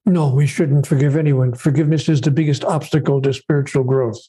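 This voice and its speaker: An older man, an author and spiritual teacher, telling stories in an interview in a measured, preacherly way that drops low and soft for quoted lines. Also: steady tone, husky. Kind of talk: interview, storytelling.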